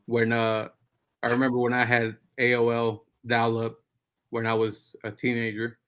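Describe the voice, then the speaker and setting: A man's voice: medium pitch, completely flat delivery, normal speed, fairly bright tone, smooth. Easygoing chatty man on a livestream. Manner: easygoing, chatty, full of fillers. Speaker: guest. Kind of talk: casual livestream chat.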